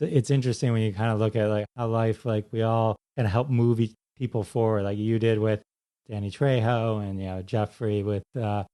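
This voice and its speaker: A man's voice: medium pitch, darkish tone. Eager male podcast host. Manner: eager, leans on "like" as a filler. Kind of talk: casual interview chat.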